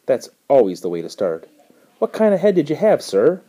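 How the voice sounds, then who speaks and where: A man voicing a sharp-witted, scrappy young boy who questions in a brisk, businesslike way for a storybook. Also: mid-range voice, huge pitch swings, breathy edge, pitched above the performer's own voice. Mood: eager.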